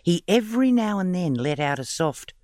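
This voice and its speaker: A man narrating a children's audiobook story in an expressive, playful reading. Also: high voice, moderate pace, no room sound, clean studio sound.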